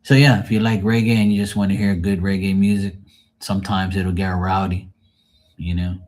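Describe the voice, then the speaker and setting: A man's voice: low voice, level tone, normal speed, darkish tone. A man chatting casually to his livestream viewers, rambling and swearing freely in a joking way. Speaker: livestream host.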